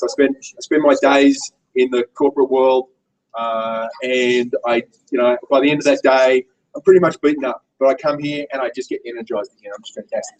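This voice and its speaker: A man's voice: medium pitch, a little mellow, low-quality recording. A man with an Australian accent hosting a business meeting, chatty and self-deprecating as he introduces the next speaker to the room.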